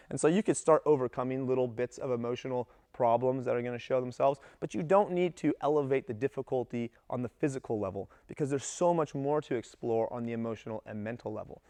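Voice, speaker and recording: A man coaching gymnastics coaches in a casual talk, lively and acting out what his athletes say. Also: mid-range voice, clean tone, no room sound. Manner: animated, acts out athletes' voices in quotes.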